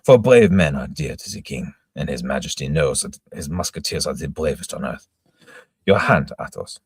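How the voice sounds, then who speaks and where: A man's voice: very deep voice, lively intonation, moderate pace, breathy edge, no echo, clean studio sound, exaggerated voice. A man voicing a stern, commanding middle-aged male captain, speaking raised and emphatic. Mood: urgent.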